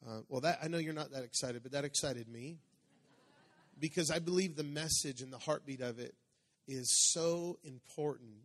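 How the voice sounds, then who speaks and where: A man's voice: on the high side, moderate pace. A middle-aged male pastor preaching a sermon in a conversational way, calling out to the congregation and joking. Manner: conversational preaching with crowd call-outs and jokes.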